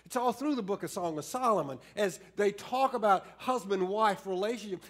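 A middle-aged man preaching a sermon, earnest, often restarting his phrases and moving between slow emphasis and quick storytelling. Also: high voice. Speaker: pastor.

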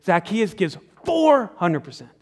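A man's voice: high-pitched, sing-song, unhurried, a little mellow. A man preaching a sermon in church, telling a story with acted-out dialogue and sudden drops to a near whisper. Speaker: pastor. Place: church sanctuary.

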